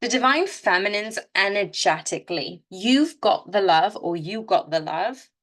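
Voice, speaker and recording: A woman's voice: mid-range voice, expressive, unhurried, fairly bright tone. A woman giving an unscripted tarot reading, speaking earnestly and directly to her listeners, with frequent restarts and self-corrections. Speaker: tarot reader. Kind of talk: casual spoken tarot reading.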